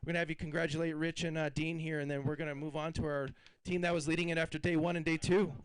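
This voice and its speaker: A man's voice: a little high, level tone, fast, clean tone, no echo, poor audio. A man emceeing a fishing tournament weigh-in, announcing weights and hyping the crowd in an upbeat way.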